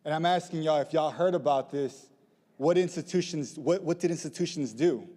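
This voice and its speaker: A young man giving a lively lightning talk, joking with the audience and pushing them into call-and-response. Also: on the high side, normal speed. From southeast side of Chicago. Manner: playful, rallying crowd call-and-response. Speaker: community organizer speaker. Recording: reverberant hall, live talk.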